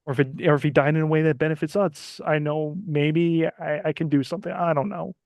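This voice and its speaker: A man's voice: a little high, fairly even intonation, fairly quick, vocal fry, a little mellow, no room sound, clean studio sound. A man voicing a guarded young man in his early twenties, stammering and apologetic. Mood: earnest.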